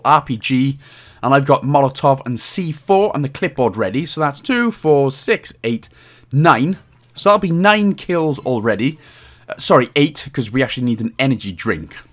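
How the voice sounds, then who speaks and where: A man with a Welsh accent giving casual game walkthrough commentary, jokey and self-deprecating and swearing freely. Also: medium pitch. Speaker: gaming guide host.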